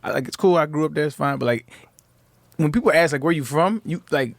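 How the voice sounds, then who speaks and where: A man from New Mexico, a podcast guest in casual chat who talks in a relaxed way and laughs easily. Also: on the high side, fast talker, gravelly, no echo. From Albuquerque, New Mexico.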